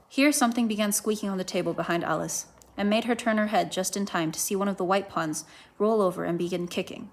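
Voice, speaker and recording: A woman reads a children's classic aloud, with gentle, even storytelling. Her voice sits at a middle pitch for a woman, neither high nor low. She narrates at a calm pace. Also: quick pace. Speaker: volunteer reader. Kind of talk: reading a children's book aloud.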